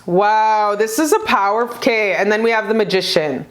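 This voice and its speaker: A woman giving a casual pick-a-card tarot reading, gushing and profane, with bursts of high excitement. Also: moderate pace.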